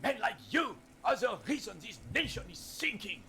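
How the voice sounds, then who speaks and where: An actor playing a bitter, sharp-tongued old male veteran who scorns and insults people. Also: high-pitched, very animated, moderate pace, slight background noise, full character voice. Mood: contemptuous. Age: older.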